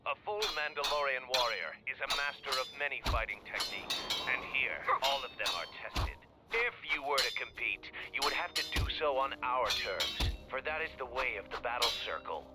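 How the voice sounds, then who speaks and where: A man's voice: mid-range voice, lively intonation, normal speed, lightly acted. An actor voicing a proud, formal male Mandalorian commander who runs a fighting ring in a video game. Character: stern male Mandalorian battle circle commander. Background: game music.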